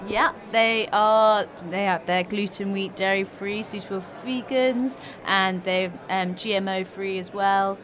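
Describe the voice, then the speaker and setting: Female guest, business founder, friendly, halting with fillers, faint noise behind. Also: mid-range voice, steady tone. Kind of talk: casual interview answers. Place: trade show hall.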